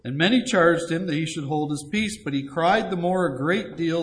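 Male preacher, slightly raised pitch; earnest, pleading sermon delivery with scripture readings. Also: moderate pace, hardly any pauses. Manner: earnest pleading, reads scripture aloud in old-fashioned wording. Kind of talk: evangelistic sermon.

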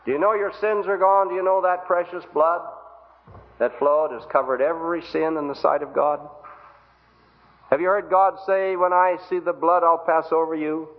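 A man's voice: on the high side, fairly even intonation, moderate pace. Man, preacher, evangelistic sermon, earnest pleading, rhetorical questions, tinny old recording.

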